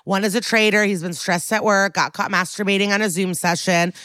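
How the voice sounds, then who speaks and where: A woman's voice: mid-range voice, fairly quick, no echo, clean studio sound. A woman co-hosting a podcast, recapping a TV episode in casual chat and acting out the characters' lines. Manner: lively, acts out the characters' lines while recapping. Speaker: podcast co-host.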